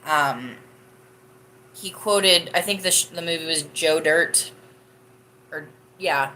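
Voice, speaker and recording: A woman's voice: low-pitched, slow, sharp tone, a little hiss or hum. A young woman hosting a live podcast, chatting casually and rambling as she answers viewer comments, laughing often. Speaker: livestream podcast host.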